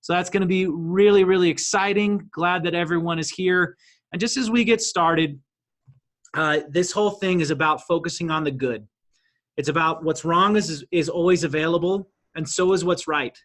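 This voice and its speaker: Male host with a high voice for a live video-call speaker series, upbeat and sincere. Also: moderate pace, fairly bright tone. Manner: enthusiastic, then emotional during tribute. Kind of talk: live online event hosting.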